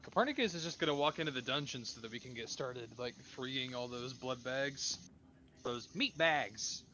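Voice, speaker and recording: Casting: male tabletop player, mid pitch, halting and filler-heavy, clear background noise. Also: pushed and bright. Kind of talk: tabletop role-play.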